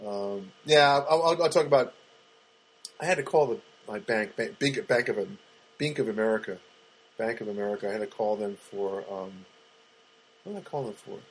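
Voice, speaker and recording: A middle-aged man hosting a podcast, rambling through a comic monologue with halting restarts and dry, self-mocking jokes. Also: lowish voice, slightly rough, poor audio. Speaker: podcast host.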